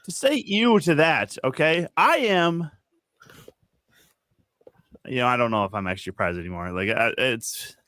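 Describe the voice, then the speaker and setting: A man's voice: mid-range voice, expressive, moderate pace, long pauses, pushed and bright, no room sound. A man from Minnesota co-hosting a casual wrestling podcast over a video call, sarcastic and profane. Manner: sarcastic, profane, self-deprecating. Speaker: podcast co-host. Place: home, streaming live.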